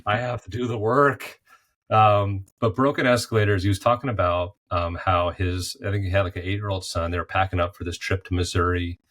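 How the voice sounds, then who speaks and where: A deep-voiced man speaks as a podcast guest, thoughtful and unhurried in tone. He builds his answers around golf and faith analogies, reflecting in a casual, conversational way. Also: steady tone, a bit bright. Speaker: podcast guest, former golf pro turned artist.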